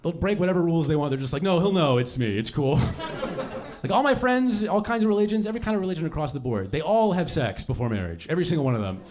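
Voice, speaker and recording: A young man performing a stand-up set on a club stage, profane and animated, breaking into shouted bits. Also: on the high side, rapid-fire. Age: young adult. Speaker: stand-up comedian. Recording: noisy live club recording. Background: audience laughter.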